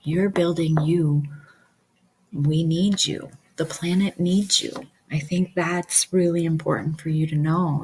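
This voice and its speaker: A woman's voice: low voice, a little mellow, slight background noise, poor audio. A woman hypnosis practitioner talking earnestly to her viewers, with many fillers and repeated affirmations. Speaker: QHHT practitioner. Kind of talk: casual talk to camera.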